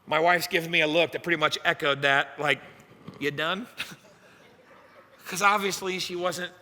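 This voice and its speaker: A young male youth pastor delivers a sermon through a self-mocking personal story. His voice is slightly high and strikingly bright and forceful. It carries the long reverb of a church hall. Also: moderate pace. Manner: animated, self-mocking storyteller acting out his own past lines.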